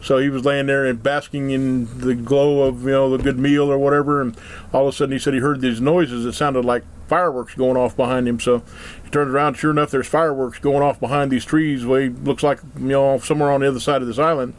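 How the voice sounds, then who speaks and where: A man's voice: medium pitch, level tone, a little fast. A man telling a long, folksy joke story in a rambling, casual way. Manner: rambling, folksy, full of fillers.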